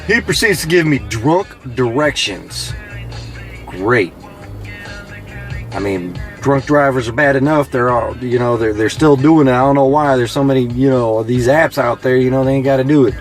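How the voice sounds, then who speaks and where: A man's voice: medium pitch, normal speed. A man with a mid-range voice tells his ride share driving stories in a loose, chatty way, full of "you know" and acted-out quotes. He sounds like he is sitting in a car, with faint music playing underneath. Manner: conversational, many fillers, mimics passengers in quoted lines. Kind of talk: casual storytelling.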